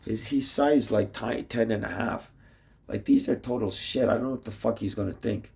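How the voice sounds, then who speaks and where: A man's voice: medium pitch, normal speed, vocal fry, darkish tone. A man rambling in a casual video message to his wife, swearing often and restarting his sentences with "like". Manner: rambling, profane, full of "like" and restarts. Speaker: vlogger addressing his wife.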